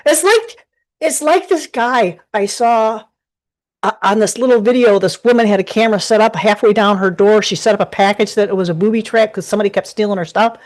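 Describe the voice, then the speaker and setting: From her desk at home, a tarot reader chats her way through an informal live reading, rambling and restarting often. Her voice is medium in pitch, fairly quick, and a little mellow.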